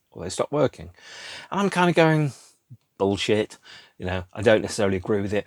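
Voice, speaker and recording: A man's voice: low-pitched, no echo. A man hosting a podcast alone, rambling and digressing casually as he muses aloud. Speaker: podcast host. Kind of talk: casual solo chat.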